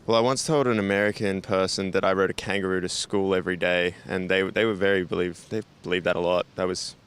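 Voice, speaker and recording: A man's voice: low-pitched, fairly even intonation, fast, fairly bright tone, smooth. A man from Australia telling a story in a laid-back way during a street interview.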